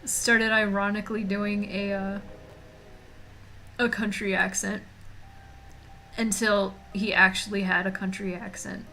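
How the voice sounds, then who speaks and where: A woman's voice: mid-range voice, flat delivery, unhurried, long pauses, bright, forceful tone, faint music behind. A woman streamer in casual chat, joking and talking to her viewers as she draws. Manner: chatty and joking, reading chat aloud. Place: home streaming setup.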